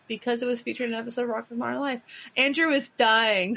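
A woman's voice: fairly high pitch, steady tone, quick pace, creaky, a bit bright, slight background noise. A woman hosting a podcast, chatting casually and enthusiastically, with lots of filler words. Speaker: podcast host. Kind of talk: casual chat.

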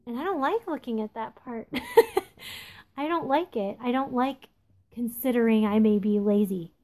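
A woman in her thirties shares her thoughts in a loose, confessional monologue. Her voice sits a little on the high side. She stops often to find her words, filling the gaps with ums and quick asides. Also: big pitch swings, mellow. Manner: candid, confessional, halting with many ums. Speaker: podcast host. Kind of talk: casual reflective monologue. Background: phone texting interruptions.

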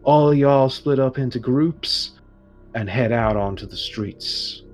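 A man voicing a middle-aged male town priest who addresses a crowd in a slow, measured preacher's manner. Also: medium pitch, darkish tone, soft background music, natural voice. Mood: rallying.

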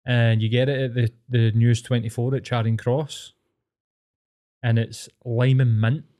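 A young Scottish man talks with eager, sweary enthusiasm in relaxed banter. His tone is mellow and darker than most, at an ordinary pitch. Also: a little slow. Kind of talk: casual chat.

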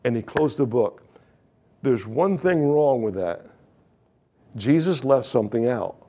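A pastor preaching a sermon, reading scripture and retelling it with joking asides. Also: male voice, mid-range voice, lively intonation, measured pace, mellow.

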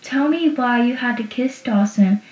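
A woman's voice: a little high, normal speed, a little mellow, reverberant, far from the mic, natural voice, rough recording. A woman reading out a sarcastic teenage boy's lines while recapping a show.

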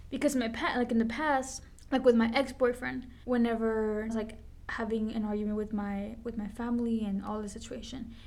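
Podcast co-host, young woman, animated storyteller, fairly high voice. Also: fairly quick, hardly any pauses. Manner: animated storyteller, says "like" often. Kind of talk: casual chat.

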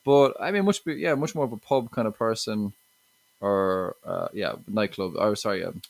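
A man's voice: fairly low pitch, normal speed, gravelly, no room sound. An Irish man from Limerick, a stand-up comedian as a podcast guest, talking casually with lots of restarts and 'you know what I mean'. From Limerick, Ireland.

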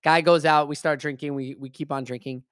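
A man's voice: on the high side, steady tone, fairly quick, fairly bright tone, smooth, no echo, clean studio sound. Blunt, profane man telling a story. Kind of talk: casual spoken storytelling.

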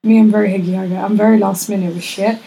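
A woman's voice: medium pitch, fairly even intonation, fast talker, creaky, warm tone, slightly rough, poor audio. A young woman co-hosting a podcast in casual, slangy chat, laughing often and swearing freely. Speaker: podcast co-host.

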